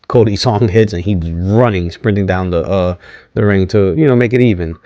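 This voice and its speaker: A man's voice: low voice, normal speed, warm tone, no room sound, dull audio. A man casually recapping a wrestling show, rambling with many ums, restarts and questions to viewers. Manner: rambling, hesitant, many ums and self-corrections; asks viewers to comment.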